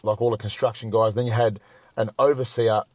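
A man's voice: on the low side, flat delivery, fairly quick, darkish tone, dry recording. A man telling stories as a podcast guest, rambling and swearing, with many restarts. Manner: rambling, profane, frequent restarts. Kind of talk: casual storytelling.

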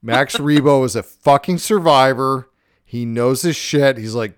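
Man ranting on a podcast, smooth dry voice. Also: mid-range voice, a little slow, dry recording. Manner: profane, excitable ranting. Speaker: podcast host. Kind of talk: casual podcast chat.

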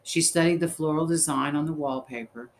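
A man narrating a story in the first person, reading in a measured, steady way. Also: fairly high pitch, vocal fry, a little hiss or hum, poor audio. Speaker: audiobook narrator.

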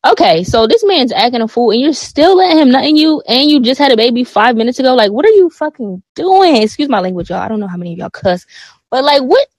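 A woman's voice: a little high, lively intonation, fast, no echo. Blunt young woman, dry close sound. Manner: blunt, incredulous, swears. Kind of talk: casual chat.

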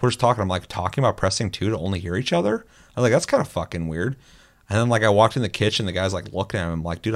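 A young man hosting a casual chat, telling gaming stories with lots of swearing and acted-out quotes. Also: low-pitched. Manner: animated storytelling, acting out quotes, swears often. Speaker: podcast host.

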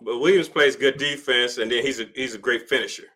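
A man co-hosting a casual sports podcast, teasing and quickly chiming in. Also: mid-range voice, bright, forceful tone. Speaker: podcast co-host.

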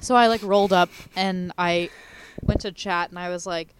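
A woman's voice: on the low side, fairly even intonation, moderate pace, background noise. A woman casually telling playful stories about online games, acting out what people said. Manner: storytelling, playful, acts out quotes. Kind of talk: casual chat.

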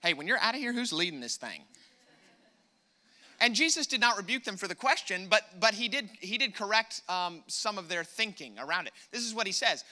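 A man's voice: high voice, expressive, fairly quick. An American man preaching a sermon, emphatic and repetitive, calling on the congregation to respond. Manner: emphatic preaching, rising loud on key points, repeats words. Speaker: pastor.

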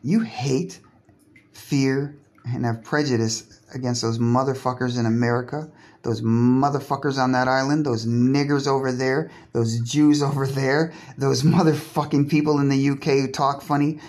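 A man's voice: mid-range voice, flat delivery, normal speed, darkish tone. Profane man ranting from a bathtub. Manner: profane, sarcastic, provocative, breaks off and restarts words. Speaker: podcaster. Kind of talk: solo monologue rant.

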